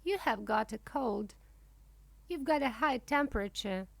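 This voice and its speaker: A woman voicing a caring mother ostrich in a storybook reading, gentle and slow. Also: on the high side, expressive, vocal fry, dry recording, exaggerated voice.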